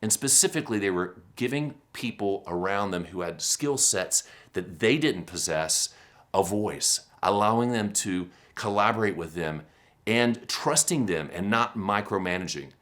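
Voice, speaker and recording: Speaking at an unhurried pace with a fairly low pitch, a fifty-something man presents a motivational keynote. He spins stories with lively energy, jokes at his own expense, and asks rhetorical questions.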